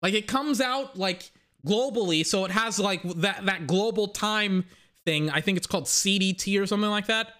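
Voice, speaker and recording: Excitable rambling young podcast host. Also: male voice, high-pitched, moderate pace. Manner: rambling, excitable, swears casually. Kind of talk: casual solo podcast chat.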